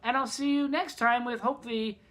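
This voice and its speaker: A man's voice: very high-pitched, steady tone, fairly quick, a bit bright. A man telling a story in a casual vlog, rambling, swearing and sarcastic, in pain from a broken thumb. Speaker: vlogger.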